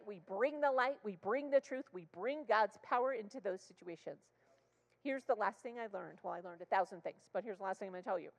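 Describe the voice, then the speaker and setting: A woman preaching a passionate sermon in church, often rising to loud exclamations. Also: medium pitch, in a large hall, rough recording. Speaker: guest speaker. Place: church sanctuary.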